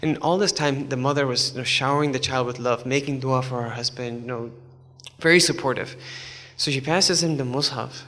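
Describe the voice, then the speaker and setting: A man's voice: medium pitch, fairly even intonation, brisk, a bit bright. A man telling a story in a sermon, in a conversational way with many asides. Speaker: preacher. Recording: long hall reverb.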